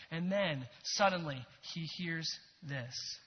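A man preaching a sermon, earnest and animated, dropping to a whisper for quoted lines. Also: high-pitched, measured pace, hardly any pauses, breathy edge, in a large hall, lo-fi sound. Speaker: pastor.

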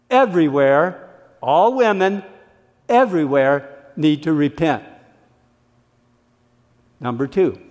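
A man preaching a sermon, emphatic and dramatic, acting out the voices of the people he quotes. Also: high voice. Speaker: pastor. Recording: reverberant church hall.

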